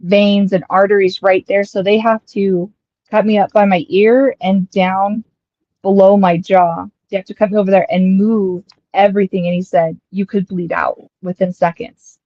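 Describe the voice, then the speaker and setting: A young woman from Colorado casually telling a long personal story, rambling and quoting people in lively asides. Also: mid-range voice, moderate pace, no echo, muffled recording. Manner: chatty, rambling, quotes others in lively asides.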